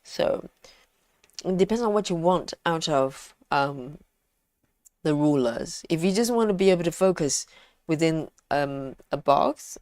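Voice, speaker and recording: A woman hosting a casual live stream, chatting in a relaxed way and reading out viewer comments with frequent ums. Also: sits low, a little slow, no room sound, clean studio sound.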